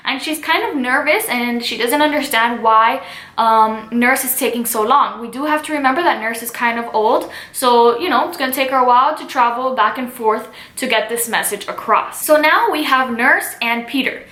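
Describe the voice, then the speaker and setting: High, bright-voiced woman teacher. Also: fairly quick, reverberant. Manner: chatty, with fillers such as "kind of" and "like". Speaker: literature teacher. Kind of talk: casual classroom explanation.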